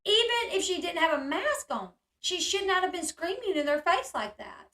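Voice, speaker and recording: A woman's voice: very high voice, very animated, moderate pace, pushed and bright, echoey room. A woman hosting a live online discussion, reacting with indignation and answering viewers' comments. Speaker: channel host reading chat and commenting.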